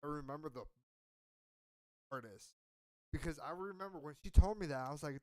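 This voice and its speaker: A man's voice: a little high, expressive, a little fast, no room sound. A man telling a story on a podcast in a rambling, profane, self-mocking way. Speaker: podcast co-host. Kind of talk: casual storytelling.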